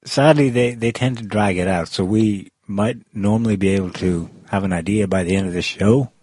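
A man's voice: fairly low pitch, moderate pace, a little mellow, no room sound. A man hosting a casual panel discussion, chatty with frequent ums and restarts. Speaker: podcast host.

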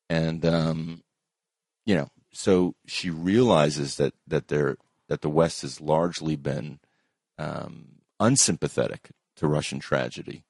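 Very deep-voiced hesitant man. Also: gravelly, a little mellow, breathy edge, no room sound, clean studio sound. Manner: hesitant, many ums and uhs. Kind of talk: casual commentary.

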